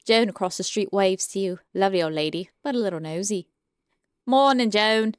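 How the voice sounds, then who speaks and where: A young woman gaming streamer plays a point-and-click game, chatting casually and playfully while reading the game text aloud, singing, and humming along. Her medium-pitched voice is clear and resonant at normal speed. The studio-quality recording has no room sound.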